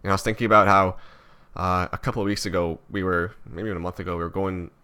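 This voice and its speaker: A man's voice: low-pitched, little pitch movement, quick pace, bright, forceful tone, clear, resonant tone. A young man from Canada talking through his thoughts in a personal vlog, rambling and self-critical with many restarts. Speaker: vlogger.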